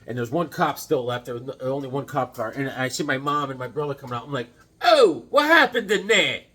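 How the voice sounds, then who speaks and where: A man's voice: mid-range voice, fairly even intonation, quick pace, fairly bright tone. A man hosting a casual comic-collecting vlog, rambling between a personal story and show-and-tell of old issues. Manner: rambling, chatty, jumps between stories and comics. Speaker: comic book vlogger.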